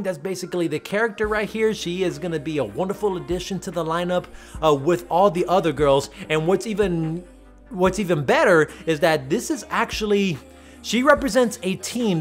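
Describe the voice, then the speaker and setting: A man giving casual, rambling voice-over commentary on his own speed painting, thinking aloud with frequent restarts. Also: on the high side.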